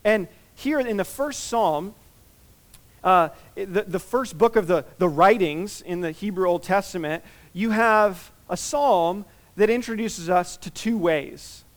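A man preaching in a conversational sermon style, reading scripture and teaching with many fillers and restarts. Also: sits high.

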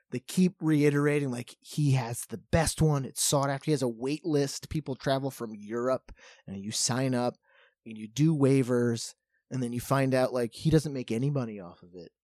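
A man's voice: mid-range voice, dry recording, studio quality. A man co-hosting a podcast, telling a long story in casual chat with lots of fillers. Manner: rambling, animated storytelling with many fillers. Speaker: podcast co-host.

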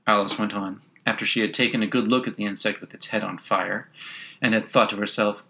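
A man narrating a children's classic as an audiobook, measured and expressive. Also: lowish voice, gravelly.

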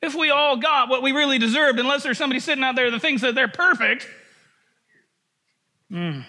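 A man preaching a sermon in a relaxed, conversational way, joking and laughing at himself as he goes. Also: very high voice, a little fast. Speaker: pastor.

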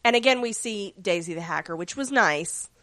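A woman's voice: medium pitch, expressive, moderate pace, a bit bright, no echo. Woman podcast host recapping a show. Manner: recaps the plot, swears casually. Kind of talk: casual chat.

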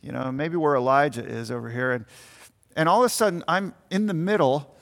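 Long hall reverb fills this recording of a pastor addressing his congregation in a church meeting room. He talks fairly quickly in a slightly high, fairly bright voice with some vocal fry, urging listeners to picture the scene as he explains.

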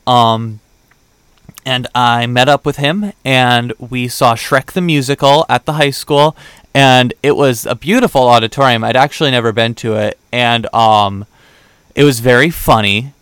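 In a relaxed podcast chat, a young male host wanders through a story about a date, voicing the quoted dialogue with many fillers. He talks a little slowly in a mid-range, fairly bright voice that comes across clear and resonant, and there is no echo.

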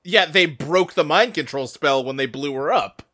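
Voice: medium pitch, moderate pace. A podcast co-host chatting casually and acting out characters. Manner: animated, acts out characters. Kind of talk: casual chat.

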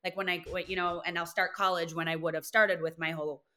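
A woman's voice: lowish voice, quick pace. A woman from Wisconsin in her thirties, a guest in a casual interview, telling stories animatedly and acting out quotes. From Wisconsin, USA. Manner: animated storytelling, acts out quotes.

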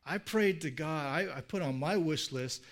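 A man's voice: on the high side, moderate pace. A middle-aged man preaching a sermon in a casual storytelling way, full of fillers and restarts, lifting his voice for the people he quotes. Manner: acts out quoted speech in a livelier voice. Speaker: pastor.

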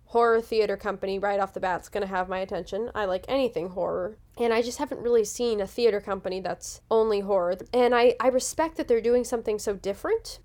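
A woman's voice: mid-range voice, fast talker, few pauses, a little mellow. A woman co-hosting a podcast, chatting casually and enthusiastically with plenty of fillers. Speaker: podcast co-host. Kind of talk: casual chat.

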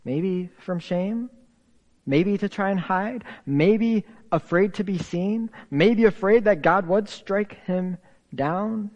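A man with a high voice preaches a sermon at an unhurried, deliberate pace, pausing often. He swings from raised, stressed phrases down to near-whispers. His voice carries a long reverb, as if in a large church sanctuary. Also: lo-fi sound. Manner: dramatic swings from raised emphasis to hushed whispers; slow, deliberate delivery with pauses. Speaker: pastor.

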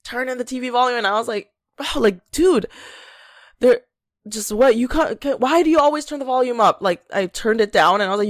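A young woman co-hosting a podcast tells a long story in casual conversation, animatedly acting out what people said and laughing often. Her voice is a little high and brisk, with echo-free studio quality.

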